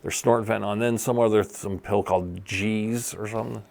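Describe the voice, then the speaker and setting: A man's voice: on the low side, fairly even intonation, brisk, gravelly, darkish tone. A man co-hosting a podcast, chatting casually in a rambling, profane way. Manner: rambling, profane, repeats himself. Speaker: podcast co-host. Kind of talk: casual banter.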